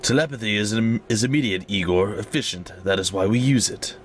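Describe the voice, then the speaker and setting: A man voicing a cold, menacing male telepath villain who speaks in slow, clipped threats. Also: lowish voice, slight background noise, natural voice.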